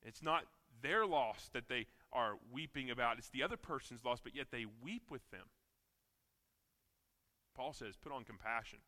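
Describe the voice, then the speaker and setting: A man's voice: mid-range voice, animated, unhurried, pushed and bright. A man with a Southern American accent, a pastor preaching a sermon with earnest repetition and frequent restarts. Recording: long reverb of a large hall.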